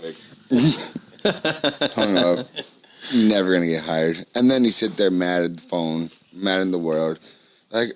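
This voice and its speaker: A man's voice: deep voice, measured pace, long pauses, a bit bright. A man co-hosting a casual comedy podcast who riffs and mimics phone voices. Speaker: podcast co-host.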